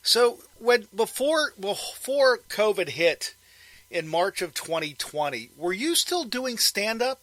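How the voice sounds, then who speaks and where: High-voiced chatty man in his fifties. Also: very animated, slow pace, a bit bright, no echo, poor audio. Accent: mild Pittsburgh. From Pittsburgh area. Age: 50s. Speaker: host. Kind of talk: casual phone interview.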